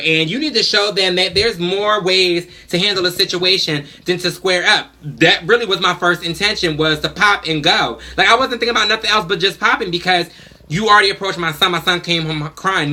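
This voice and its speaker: A woman telling a story to the camera in a casual vlog, talking in an animated, blunt and emphatic way. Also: lowish voice. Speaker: vlogger, mother.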